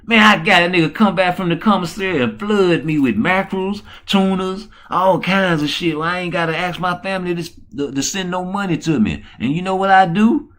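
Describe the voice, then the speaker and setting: A man hosting a show in slangy, casual chat, talking low and quick and crooning slow love songs in a higher voice. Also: a bit bright. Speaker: show host.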